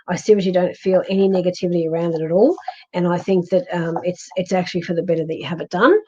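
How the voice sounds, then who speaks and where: This Australian woman's voice is fairly low and dark, and the recording has its highs cut off. As a psychic medium running a livestream, she reads viewer comments in a chatty, reassuring way, with lots of ums and false starts.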